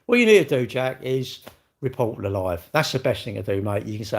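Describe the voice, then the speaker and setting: A man's voice: mid-range voice, very animated, brisk. A man hosting a casual livestream, talking in an exasperated, rambling way and repeatedly calling the viewer "mate". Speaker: livestream host.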